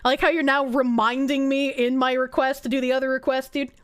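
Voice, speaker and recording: A woman's voice: flat delivery, fairly quick, a bit bright, clear, resonant tone. A woman streamer chatting casually with her viewers, giggly and swearing, trailing into rambling tangents. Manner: giggly, swings into high squeals and low mumbles; profane, rambling, reacting to chat. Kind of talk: casual live-stream chat.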